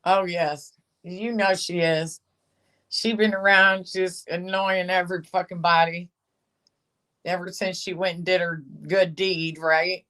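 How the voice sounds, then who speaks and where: Slow, gossipy, sarcastic livestream host. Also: mid-range voice, little pitch movement, bright, forceful tone. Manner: gossipy, sarcastic, laughs often, greets commenters. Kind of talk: casual gossip commentary, reading chat.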